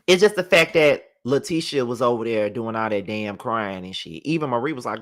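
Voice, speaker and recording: Sassy animated man reviewing reality TV. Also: mid-range voice, brisk, hardly any pauses. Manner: sassy, animated, heavy swearing. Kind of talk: casual live show review.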